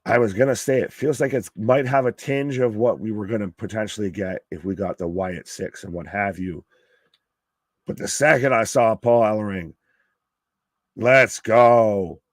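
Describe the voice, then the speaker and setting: A man talks through a wrestling show live, casual and quick to swear or cheer when something catches him off guard. His voice sits a bit low and comes over a close mic with a dry sound. He chats loosely, as if to an audience watching along. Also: no room sound. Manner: excitable, swears, pops loudly at surprises. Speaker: alternative commentary host.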